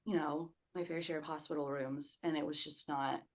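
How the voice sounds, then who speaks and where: A young woman with a low-pitched voice speaks as a guest on a podcast. She tells her own story in a loose, conversational way, full of "like" fillers, and acts out the quoted words of the people in it. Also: steady tone, moderate pace. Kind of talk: personal storytelling.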